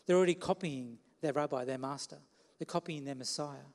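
A man's voice: fairly high pitch, fairly quick, a little mellow, big-room sound. A man preaching a sermon in a conversational way, putting questions to the listeners.

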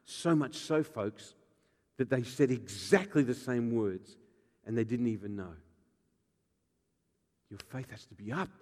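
A man, a pastor preaching a sermon with animated, joking storytelling and acted-out voices. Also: mid-range voice, breathy edge, big-room sound.

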